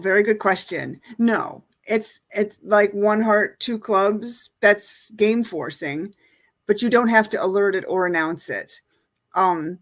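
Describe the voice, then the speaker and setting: A woman's voice: mid-range voice, a bit bright. A middle-aged woman teaching an online lesson, explaining in a casual way with many fillers. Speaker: bridge teacher.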